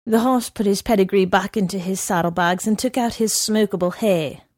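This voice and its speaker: A woman narrating a story in a measured reading voice. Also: medium pitch, a little mellow, dry recording, clean studio sound. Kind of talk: audiobook reading.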